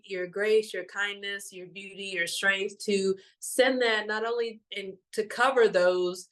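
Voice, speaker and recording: A woman's voice: medium pitch, fairly bright tone. A young woman and mother, a meditation teacher talking loosely and emotionally through a spiritual card message, full of fillers. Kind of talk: casual spiritual talk.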